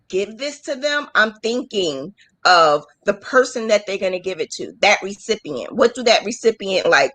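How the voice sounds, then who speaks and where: In a laid-back live chat for crochet business owners, a medium-pitched woman mentors her audience, storytelling with feeling and acting out small quotes in an animated way. The audio is low quality, without echo.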